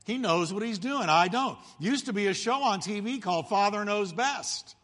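A man's voice: sits high, moderate pace. Man preaching with a long hall echo. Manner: animated storytelling, acting out crowd voices. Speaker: pastor. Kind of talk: sermon.

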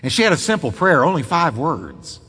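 A male pastor preaching with a high, lively voice and a bright, forceful edge. He drives his points home through dramatic repetition. A long hall echo carries his words. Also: normal speed, breathy edge. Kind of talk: sermon.

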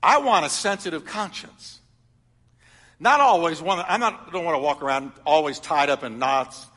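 A middle-aged man preaching a sermon, telling stories and swinging from loud emphatic lines to soft confiding ones. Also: fairly high pitch, moderate pace, in a large hall. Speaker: pastor.

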